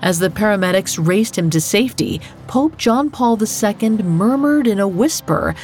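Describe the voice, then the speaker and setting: A woman hosting a podcast, giving scripted true crime narration in a measured, dramatic way. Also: medium pitch, animated, darkish tone, soft background music. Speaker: podcast host.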